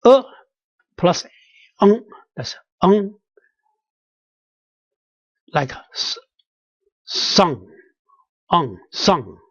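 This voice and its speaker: Slow pronunciation teacher, repeats sounds patiently, dull lo-fi dry recording. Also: mid-range voice, very animated, no room sound. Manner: repeats each sound slowly, many restarts. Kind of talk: pronunciation lesson with spoken examples.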